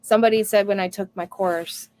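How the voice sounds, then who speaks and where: A woman's voice: medium pitch, fairly even intonation, brisk, a little mellow. A woman hosting a casual live stream, talking earnestly and reading viewer comments aloud. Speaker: homestead live stream host.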